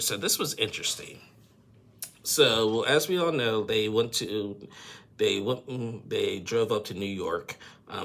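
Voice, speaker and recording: A man's voice: sits low, vocal fry, sharp tone. A man giving a rambling, opinionated casual recap of a TV episode, often tacking on "and stuff and everything".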